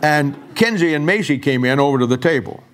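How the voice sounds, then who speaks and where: An older man, a pastor, preaching a sermon in a folksy storytelling way and going soft and quiet when he quotes himself. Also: a little high, expressive, fairly quick.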